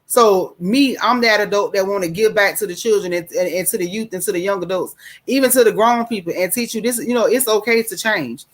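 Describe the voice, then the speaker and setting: A woman's voice: medium pitch, fairly quick. A middle-aged woman hosting a talk show, giving an emphatic, preachy monologue and calling listeners baby. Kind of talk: casual monologue.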